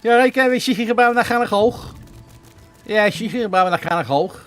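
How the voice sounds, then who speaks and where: A man's voice: high-pitched, brisk, fairly bright tone, soft background music, voice pushed up. A man putting on a cheeky Scouse accent as a Liverpool lad. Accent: put-on Scouse.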